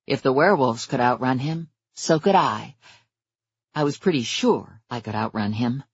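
A man narrating a first-person story in a measured, wry way. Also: mid-range voice, husky, no room sound, lo-fi sound. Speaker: audiobook narrator.

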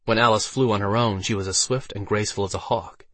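A man narrating a fantasy audiobook with steady storytelling delivery. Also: lowish voice, fast talker, no room sound.

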